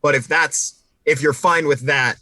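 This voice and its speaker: A man playing in a tabletop game, talking through his character's plans in a quick, joking way. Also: a little high, steady tone, pushed and bright, no echo. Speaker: player. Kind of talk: casual tabletop play.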